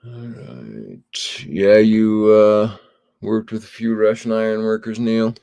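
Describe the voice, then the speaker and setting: Slow, gravelly man hosting a stream. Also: on the low side, dark tone. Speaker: livestream host. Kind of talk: casual chat, reading viewer comments aloud.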